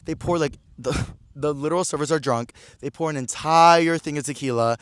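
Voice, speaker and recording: A man's voice: fairly high pitch, normal speed. A young man in his twenties hosting a podcast, telling a story in casual, slangy chat full of "like.". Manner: chatty, slangy, peppered with "like". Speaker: podcast host.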